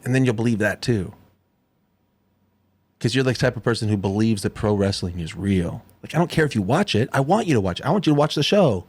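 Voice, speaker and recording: A man's voice: mid-range voice, expressive, a little fast, long pauses, a little mellow. A young man ranting on his livestream, sarcastic and mocking, swearing a lot and mimicking people in sneering voices.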